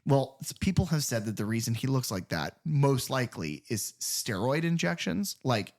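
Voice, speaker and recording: Animated, swearing podcast co-host man. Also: medium pitch, moderate pace. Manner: animated, profane, laughs often. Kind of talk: casual film discussion.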